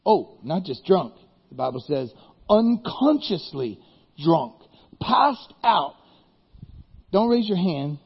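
A man preaching a sermon as pastor, telling Bible stories in a lively way and acting out the characters. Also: on the high side, takes it slowly, gravelly, pauses often, breathy edge, dull audio.

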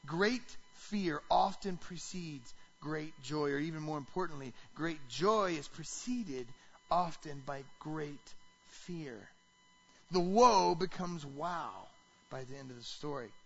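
Animated high-voiced male preacher. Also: muffled recording. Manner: animated preaching, asks the congregation questions. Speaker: pastor. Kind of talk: sermon.

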